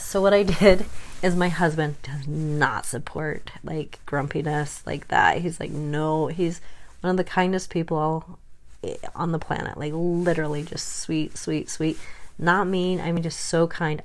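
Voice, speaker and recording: A woman frankly venting about being dismissed, heated and self-conscious in turn. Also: low voice. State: chronically ill. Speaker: vlogger. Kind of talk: personal rant to camera.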